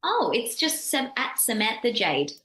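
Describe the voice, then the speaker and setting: A woman's voice: on the high side, very animated, a little slow, pushed and bright, echoey room. A woman, chatting openly as a guest on a radio interview and laughing easily. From Western Australia. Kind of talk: casual radio interview chat.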